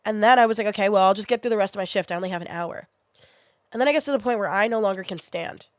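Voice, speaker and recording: A woman's voice: medium pitch, very fast, no room sound, clean studio sound. A young woman streaming from her bedroom, telling a story to her chat in a casual, chatty way and acting out what she said back then. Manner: chatty, acts out her own past lines.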